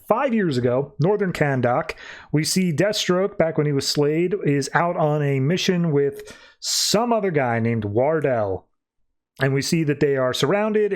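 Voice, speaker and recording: A man's voice: on the high side, darkish tone. A man hosting a podcast, rambling casually through a review with lots of fillers and loose retelling. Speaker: podcast host reviewing comics.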